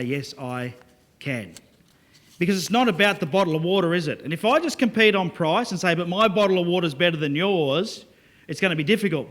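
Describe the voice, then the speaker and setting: A man with a fairly high-pitched voice gives a business talk to a live audience. He is lively and joking and keeps pulling the listeners into the story. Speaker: business speaker.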